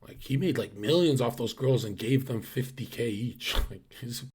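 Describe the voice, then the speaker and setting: A man's voice: mid-range voice, lively intonation, moderate pace, darkish tone, slightly rough. A man streaming live, ranting casually to his chat, blunt and profane, with lots of fillers and restarts.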